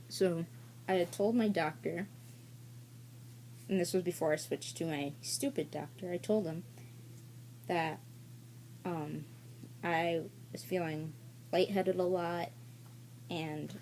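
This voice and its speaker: Low, mellow-voiced woman telling stories. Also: steady tone, takes it slowly, pauses often, a little hiss or hum. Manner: rambling and candid, with frequent fillers and swearing. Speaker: vlogger. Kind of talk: casual story-time vlog.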